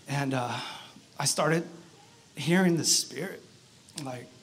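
A man giving his personal testimony at an outdoor church service, speaking in an earnest, halting way with many fillers. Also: medium pitch. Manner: halting, earnest, frequent "you know" fillers.

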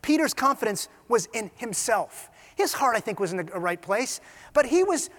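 A man preaching a sermon, retelling scenes with animated storytelling and casual asides. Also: extremely high pitch, normal speed. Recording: reverberant hall.

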